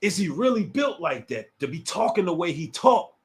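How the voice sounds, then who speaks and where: With big pitch swings in a high-pitched voice at normal speed, a man from the Washington, D.C. area hosts a casual livestream. He taunts a rival and talks straight to his chat.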